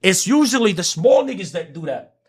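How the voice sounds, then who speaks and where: A man's voice, pitched high for a man, climbs and drops sharply as he rants through live stream commentary. His talk is profane and heated, and he keeps repeating oaths. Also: big pitch swings, brisk. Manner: heated, profane ranting at viewers. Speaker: livestreamer.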